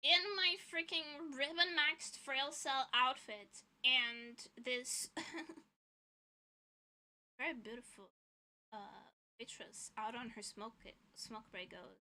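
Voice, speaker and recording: A young adult woman streamer telling a story as an animated, indignant rant, swearing freely and repeating lines for emphasis. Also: sits high, slow pace. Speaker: vtuber streamer.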